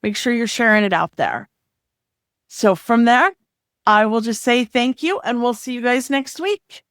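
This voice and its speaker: A woman's voice: on the high side, animated, a little slow, fairly bright tone, clean tone, no room sound, studio quality. A woman hosting a podcast, talking in an upbeat, affirming way. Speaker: podcast host. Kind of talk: casual podcast interview.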